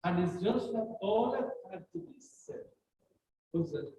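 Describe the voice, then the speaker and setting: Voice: mid-range voice, expressive, unhurried, mellow, slight background noise. A speaker with a Jamaican accent giving a ceremonial address at a commissioning service, telling stories earnestly and repeating words for emphasis. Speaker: guest speaker at a justice of the peace commissioning. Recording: distant voice in a very echoey hall.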